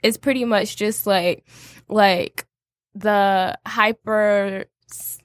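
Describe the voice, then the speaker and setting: A woman's voice: mid-range voice, steady tone, drawn-out words, dry recording, clean studio sound. A young woman co-hosting a casual podcast chat, talking loosely with many fillers and frequent laughs. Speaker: podcast co-host.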